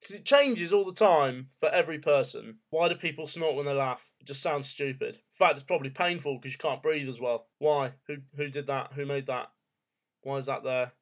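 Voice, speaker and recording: A man's voice: mid-range voice, fairly even intonation, moderate pace. Rambling young man asking odd questions. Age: 20s. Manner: jokey, rambling rhetorical questions, swears casually. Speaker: vlogger. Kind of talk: casual rambling monologue.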